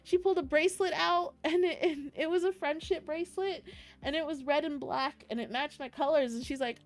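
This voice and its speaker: A woman's voice: sits high, a little fast, faint music behind. A young woman streaming casually to her chat, recounting a meetup in an emotional, rambling way, often close to tears and laughing. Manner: emotional, giggly, tearful, rambling with restarts.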